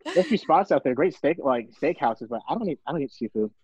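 A man's voice: on the high side, very animated, quick pace, darkish tone, slightly rough, no echo, highs cut off. A young man, a baseball player, chatting casually as a podcast guest and laughing through an easygoing story. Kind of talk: casual interview.

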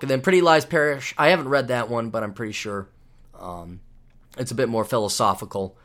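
A man's voice: medium pitch, fairly bright tone. A man from the United States hosting his own podcast in a rambling, sarcastic, mock-ranting monologue. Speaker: podcast host.

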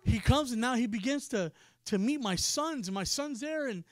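High-voiced man preaching a sermon. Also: moderate pace, no echo, clean studio sound. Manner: animated storyteller, acts out quoted voices. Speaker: pastor. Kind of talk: sermon storytelling.

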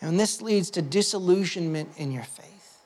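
A male pastor with a notably high-pitched voice preaches in a loose, conversational way. He drops to soft, confiding asides, then climbs into loud, fervent bursts. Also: moderate pace. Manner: impassioned, swinging between hushed asides and loud outbursts; conversational, with fillers and restarts. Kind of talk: sermon.

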